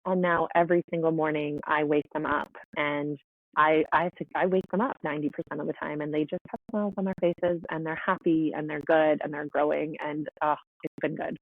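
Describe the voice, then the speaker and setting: A woman's voice: low voice, little pitch movement, a little fast, vocal fry, no echo. A woman, a podcast guest and mother of quadruplets, telling her story in a frank, chatty, emphatic way over a remote call. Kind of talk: casual storytelling interview. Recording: tinny phone-like line, dry.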